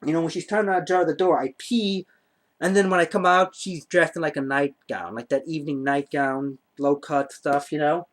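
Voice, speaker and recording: Guy with a higher voice rambling through a wild date story, swears a lot, says like constantly. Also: steady tone, normal speed. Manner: rambling, profane, heavy use of "like". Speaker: vlogger. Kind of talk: casual storytelling to camera.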